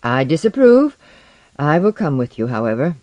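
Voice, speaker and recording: A man's voice: on the high side, sing-song, moderate pace, a little mellow, dry recording. A stiff, proper man who speaks in short, formal, disapproving lines, as a narrator voices him. The sound is dry and close. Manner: formal, curt. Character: formal, disapproving male scientist.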